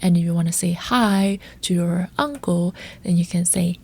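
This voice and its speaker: A woman teaching a language lesson, speaking carefully and repeating example words slowly to model their pronunciation. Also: lowish voice, darkish tone, slightly rough.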